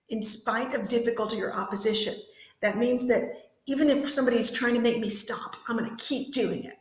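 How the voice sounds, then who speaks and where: A woman teacher giving a classroom vocabulary lesson, saying new words slowly and with careful enunciation. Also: fairly high pitch. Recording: echoey classroom.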